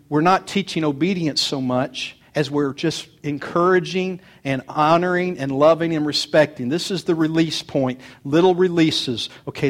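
Earnest older man preaching a sermon. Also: a little high. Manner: earnest, folksy preaching with homespun stories. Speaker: pastor.

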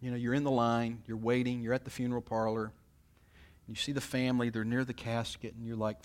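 A pastor speaks fairly quickly with little pitch movement as he delivers a folksy, conversational sermon. He often acts out quotes from people, shifting his pitch and volume as he does.

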